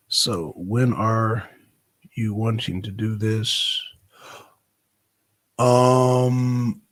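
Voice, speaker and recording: A man's voice: mid-range voice, slightly rough. A man hosting a livestream, talking in a loose, rambling way and calling out viewers by name. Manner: rambling, loose and talkative, shouting out viewers in chat. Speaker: livestream host. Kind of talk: casual livestream chat. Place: Atlanta, Georgia.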